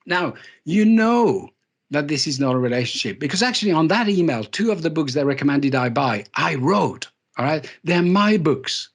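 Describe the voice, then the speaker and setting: Male keynote speaker, slightly higher register, animated storyteller with dry self-mocking jokes. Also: normal speed. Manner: lively storytelling, self-deprecating humour, repeats words for emphasis. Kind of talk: live leadership talk.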